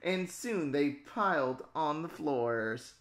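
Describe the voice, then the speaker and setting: A woman's voice: deep voice, expressive, slow pace. A woman telling a comedic improvised story on a stream, often breaking into giggles.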